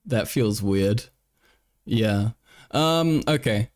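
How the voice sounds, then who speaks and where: A man's voice: on the low side, lively intonation, extremely slow, a little mellow. Rambling, profane young male streamer. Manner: rambling, profane, frequent restarts. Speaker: livestream host. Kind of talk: casual chat.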